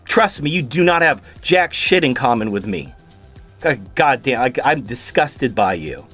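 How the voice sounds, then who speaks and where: A man's voice: medium pitch, sing-song, measured pace, fairly bright tone, soft background music. A man hosting a video, delivering an angry, profane rant of commentary in furious bursts. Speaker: video host reacting to a clip.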